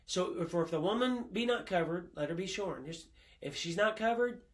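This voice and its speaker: Male Bible college professor with a high voice, lecturing a class emphatically and pausing often on fillers. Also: expressive, fairly bright tone. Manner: emphatic, quotes sources, frequent uh fillers.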